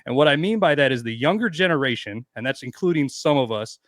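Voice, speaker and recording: A man's voice: mid-range voice, animated, fast talker, a bit bright, no room sound. A middle-aged man on a podcast, telling crude stories in casual chat and acting out the voices of the people in them. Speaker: podcast guest.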